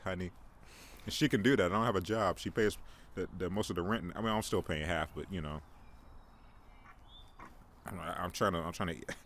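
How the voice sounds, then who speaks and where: Young man, podcast host, fairly low voice, rambling self-mocking jokes, faint background hiss. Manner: rambling, joking, self-mocking, frequent restarts. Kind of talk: casual solo podcast monologue.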